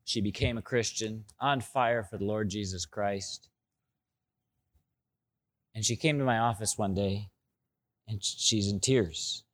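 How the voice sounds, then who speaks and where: A middle-aged male pastor preaching a sermon and telling stories, with loud, excited bursts that drop into soft, low asides. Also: unhurried, pauses often.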